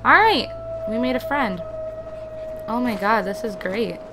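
A woman playing a video game and commenting casually, excitable and swearing freely as she chats to the characters on screen. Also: on the high side, unhurried, over music. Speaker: let's play gamer.

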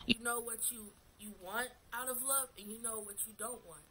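A woman's voice: fairly high pitch, steady tone, moderate pace, pushed and bright, low-quality recording. A young woman vlogging casually while getting ready, giving candid advice from personal experience and calling the viewer sis. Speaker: beauty vlogger. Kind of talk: casual get-ready-with-me chat.

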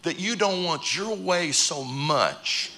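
A man preaching a sermon in a church, joking with sudden loud outbursts and quiet asides. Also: fairly high pitch, lively intonation, takes it slowly. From United States. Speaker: pastor. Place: church auditorium.

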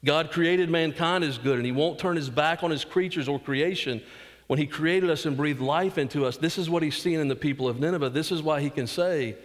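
Southern US man, pastor, earnest sermon, slightly high voice, long church echo. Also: a little fast. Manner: earnest preaching with acted-out quotes and asides. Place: church sanctuary.

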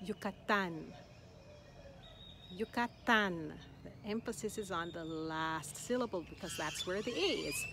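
A woman giving a slow, clear language lesson, encouraging the listener and repeating words carefully. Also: lowish voice, background noise. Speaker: Spanish teacher. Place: outdoors in Mexico.

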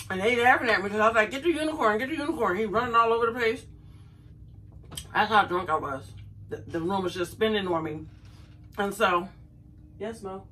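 A woman's voice: mid-range voice, rough recording. A middle-aged woman, chatting to her viewers as she tells a funny story from her younger days. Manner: animated, chatty, addresses viewers as y'all. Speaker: vlogger. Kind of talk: casual storytelling to camera.

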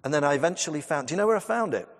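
With a fairly high, animated voice delivered very fast, a Methodist minister in his fifties preaches to his church congregation in a chatty, humorous storytelling style full of asides, with long church reverb.

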